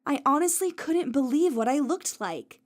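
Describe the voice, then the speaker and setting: A woman's voice: high voice, expressive, moderate pace. A woman narrating a first-person audiobook story in a light storytelling manner.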